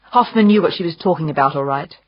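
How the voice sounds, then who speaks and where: Female audiobook narrator, measured delivery; low, husky, dry sound. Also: lively intonation, dry recording, lo-fi sound. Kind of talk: scripted narration.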